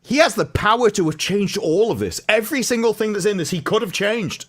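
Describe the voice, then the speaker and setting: This is a man with a casual, everyday received-pronunciation English accent, chatting as a co-host on a livestream. His pitch swings up and down a lot as he explains things at length, often restarting mid-sentence. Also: animated, fairly quick.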